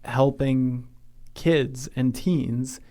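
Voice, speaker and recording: A man's voice: mid-range voice, steady tone, very slow, dark tone. A man hosting a podcast interview who talks in a friendly, self-deprecating and reflective way. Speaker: podcast host.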